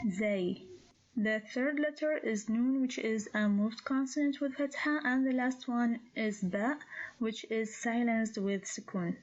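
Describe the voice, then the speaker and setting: Patient woman teaching, dull lo-fi sound. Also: fairly high pitch. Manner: patient, spells out sounds and repeats words. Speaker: Arabic teacher. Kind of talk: slow instructional lesson.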